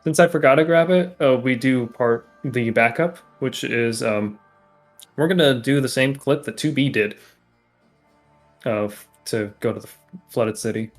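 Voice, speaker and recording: A man commentates his own speedrun on a live stream, working out his explanations as he goes with plenty of pauses. His voice sits at an ordinary middle pitch. Game music plays clearly behind him. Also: low-quality recording. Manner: explaining as he plays, halting and loose.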